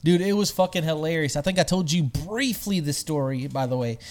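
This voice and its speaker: A man telling a story to a friend in a casual chat, animated and swearing freely. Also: fairly high pitch, brisk. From lives in San Antonio.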